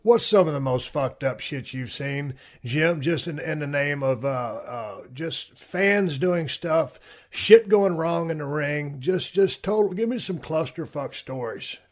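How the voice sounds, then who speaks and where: A man's voice: a little high, expressive, measured pace. A man hosting a casual interview podcast, talking loosely and swearing freely. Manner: loose, profane, chatty.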